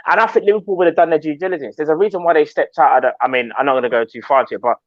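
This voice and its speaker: A man's voice: a little high, very fast, dry recording. A man co-hosting a casual live-stream chat, thinking aloud and hedging his opinions. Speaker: co-host. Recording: dry, dull lo-fi audio.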